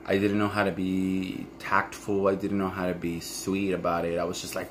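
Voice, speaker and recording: Deep-voiced man in a raw confessional. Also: monotone, moderate pace, hardly any pauses, slight background noise. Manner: raw, profane, emotional storytelling. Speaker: vlogger. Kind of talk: candid confessional monologue.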